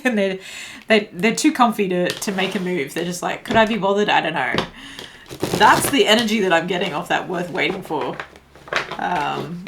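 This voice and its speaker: A woman's voice: medium pitch, a bit bright. A young woman reading tarot cards in a casual, chatty way, often laughing and filling gaps with "like" and "um". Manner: chatty, giggly, lots of fillers. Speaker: tarot reader.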